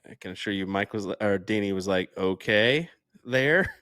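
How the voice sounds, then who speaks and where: A young man co-commentating on darts in a casual, measured and analytical way, with frequent fillers. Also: on the low side, expressive, a bit bright, no echo, studio quality.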